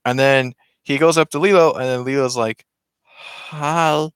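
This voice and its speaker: Dude rambling thru a movie plot, keeps restarting, smooth voice, dry close sound. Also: male voice, medium pitch, steady tone, a little fast, no room sound. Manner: rambling, many restarts and self-corrections. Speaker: vlogger. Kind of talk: casual movie retelling.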